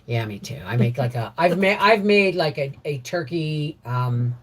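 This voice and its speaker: A middle-aged woman hosting a casual homestead livestream, greeting viewers by name and chatting warmly. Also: deep voice, expressive, measured pace. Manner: chatty, warm greetings to viewers, laughs often. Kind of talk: casual live chat reading viewer comments.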